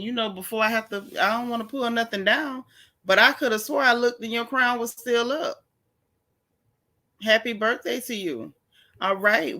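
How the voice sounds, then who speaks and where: Woman running a gossip livestream, chatty, kinda high voice, greets folks one by one. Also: sharp tone. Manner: chatty, greets viewers by name, drawn-out repeated phrases. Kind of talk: casual live-stream chat.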